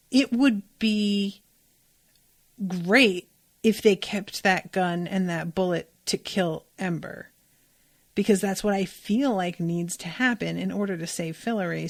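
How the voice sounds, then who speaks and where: A woman's voice: medium pitch, no room sound, studio quality. A woman hosting a podcast, recapping an episode in a loose, conversational way, full of "like" fillers and blunt swearing. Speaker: podcast host.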